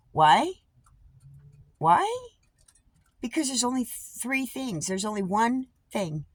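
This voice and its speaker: A woman chatting casually to a camera on a tripod at home, blunt and profane, with y'all in her talk. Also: no echo. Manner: coos high-pitched baby talk to her pet birds. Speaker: vlogger. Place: at home with pet birds.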